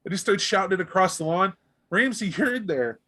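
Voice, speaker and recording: A man narrating as game master of a tabletop role-playing game, animated and jumping into characters' voices. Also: sits high, fairly quick. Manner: animated, voices gang members in bursts.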